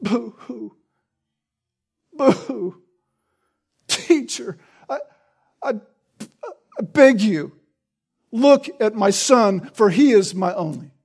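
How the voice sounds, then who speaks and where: A man's voice: high-pitched, lively intonation, gravelly, darkish tone, breathy edge, exaggerated voice. A man acting out a grieving father who sobs and stammers as he begs for help for his son. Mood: pleading, sobbing. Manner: sobbing, halting plea. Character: grieving father pleading, middle-aged man.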